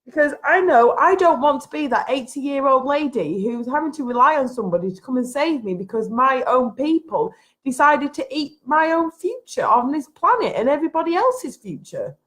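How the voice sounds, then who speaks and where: Woman, high voice, frustrated rant to camera, emphatic, repetitive, vlog at home. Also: very animated, moderate pace, fairly bright tone. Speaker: vlogger. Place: at home, having just got out of bed.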